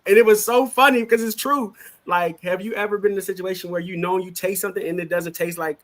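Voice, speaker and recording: A man co-hosting a casual podcast chat, joking around and dropping quick asides. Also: high voice, fairly bright tone. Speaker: co-host.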